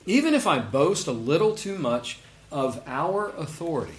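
A man's voice: a little high, sing-song, moderate pace. Earnest preacher man in a roomy space. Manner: earnest, emphatic, reads verses aloud with stresses. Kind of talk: sermon with scripture reading. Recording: roomy echo.

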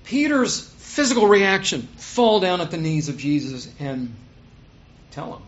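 A man preaching a sermon, swinging between loud, stressed points and quiet asides, on a dull lo-fi recording. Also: high voice, unhurried.

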